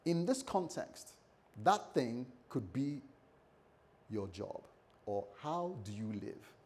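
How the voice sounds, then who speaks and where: A pastor preaching a lively sermon, acting out the scripture characters with shifting voice and joking asides. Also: male voice, medium pitch, takes it slowly.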